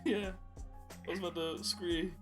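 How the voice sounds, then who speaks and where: A man's voice: sits high, fairly even intonation, unhurried, soft background music. A young man co-hosting a podcast, telling rambling stories in casual chat and laughing often. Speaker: podcast co-host.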